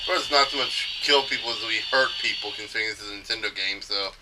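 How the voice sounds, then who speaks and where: A man's voice: on the low side, fast, very noisy. A man giving casual, hesitant gameplay commentary, rambling with fillers. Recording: loud video game music behind.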